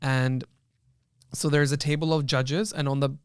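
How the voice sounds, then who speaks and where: A man's voice: mid-range voice, flat delivery, normal speed, clean tone, no echo, clean studio sound. A young man, a law student, earnestly retelling a film in a casual panel discussion, with many restarts.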